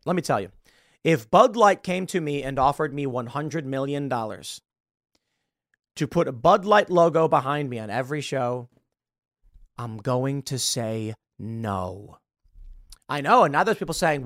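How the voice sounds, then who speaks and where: A man's voice: mid-range voice, a little slow, long pauses, no room sound. Guy ranting on his podcast, sarcastic, voice jumps all over, dry close sound. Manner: sarcastic, animated, mocking asides. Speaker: podcast host. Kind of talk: political commentary monologue.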